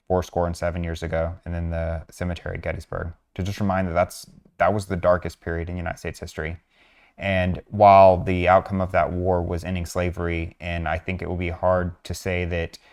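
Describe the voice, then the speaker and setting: Low, flat-voiced man with frequent fillers. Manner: earnest, measured, with frequent fillers. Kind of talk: narrated screen walkthrough.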